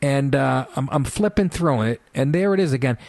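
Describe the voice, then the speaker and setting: A middle-aged man tells loose, profane stories on a talk radio show and keeps breaking into laughter. His voice sits at an ordinary male pitch. The sound is close and dry, with no room echo. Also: expressive, normal speed, gravelly, a little mellow. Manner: rambling, profane, laughing through his anecdotes. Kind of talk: casual storytelling on talk radio.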